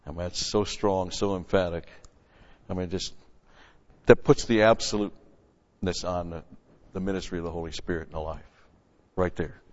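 A man teaching through Bible verses as a pastor, punching key words loudly and then dropping into quick, quieter asides. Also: sits low, steady tone. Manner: emphatic, swells loud on scripture then drops to asides. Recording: lo-fi recording with long hall reverb.

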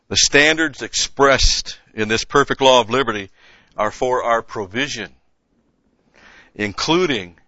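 A man teaching a conversational Bible-study sermon, emphatic, rising in pitch and volume on key points and asking rhetorical questions. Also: pushed and bright, dry recording, lo-fi sound.

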